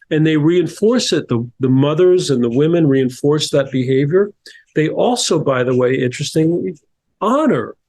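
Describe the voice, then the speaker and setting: His voice sits on the high side with a darkish tone. A middle-aged man from New Jersey who works as an author and coach, he tells stories thoughtfully as a podcast guest in a casual interview, with many restarts and repeated words.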